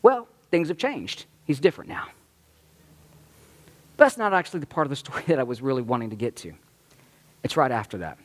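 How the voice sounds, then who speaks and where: A man's voice: medium pitch, fairly quick, pauses often. A man, a rabbi preaching to his congregation, telling a family story animatedly and acting out the voices of the people in it. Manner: animated, acts out quoted voices of children. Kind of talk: sermon storytelling. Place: congregation sanctuary.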